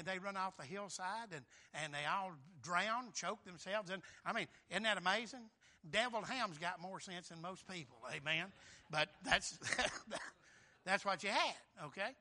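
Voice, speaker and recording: A man preaching a sermon in a folksy, emphatic way, swinging between loud and soft. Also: sits high.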